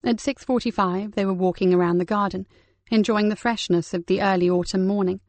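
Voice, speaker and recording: A woman narrating a crime novel audiobook in a calm, even storytelling manner. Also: medium pitch, brisk, no room sound.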